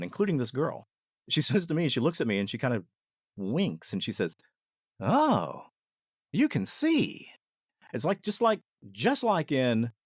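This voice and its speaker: A man, a podcast guest and former ER nurse, telling a paranormal experience in an earnest, deliberate way that takes its time. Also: medium pitch, dry recording, studio quality.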